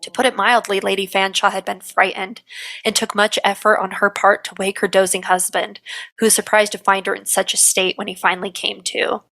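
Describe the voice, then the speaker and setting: A woman with a gravelly, creaky edge to her voice and a bright, forceful tone, telling a history story on a podcast. She reads steadily, in a storyteller's manner, at a middling pitch for a woman. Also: flat delivery, a little fast. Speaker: podcast co-host. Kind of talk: reading a history segment.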